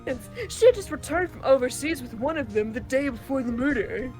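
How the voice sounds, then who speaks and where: Brief: a smug prosecutor, read by a woman in her own high voice, with faint music behind. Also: expressive, a little fast, a little mellow. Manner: plain read-aloud delivery. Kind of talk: reading game dialogue aloud.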